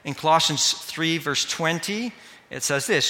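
A man's voice: a little high, animated, measured pace, pushed and bright, long reverb tail. A man preaching a sermon, earnest and speaking directly to the children in the congregation. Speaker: pastor.

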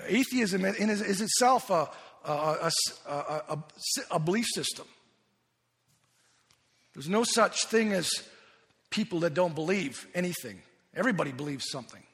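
A man's voice: high-pitched, a bit bright. A man preaching a sermon as pastor, earnest and emphatic, often restarting and repeating his words. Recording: long reverb of a large hall.

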